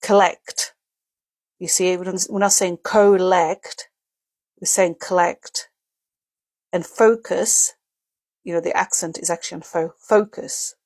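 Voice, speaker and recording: A woman teaching a relaxed lesson on pronunciation symbols, working through each point step by step. She sounds out example words slowly and often checks in with the listener. Her talk is loose and unscripted, with small slips and quick self-corrections. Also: on the low side, slightly rough. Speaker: English teacher. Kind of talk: casual video lesson.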